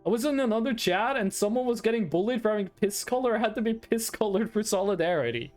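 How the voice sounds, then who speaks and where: A man's voice: high-pitched, lively intonation, fast talker, a little mellow, faint music behind. A man from Norway, chatting casually with his stream chat in a playful, rambling, teasing way.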